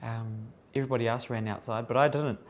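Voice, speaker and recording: A man's voice: medium pitch, fairly even intonation, a little fast, a little hiss or hum. A New man who works as a makeup artist, recalling events in a casual, wry documentary interview. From New Zealand.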